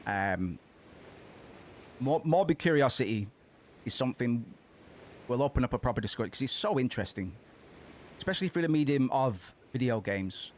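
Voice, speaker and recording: A man's voice: medium pitch, a little hiss or hum. A man streaming a game, chatting in casual let's-play commentary, rambling with frequent restarts and casual swearing. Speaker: gaming streamer.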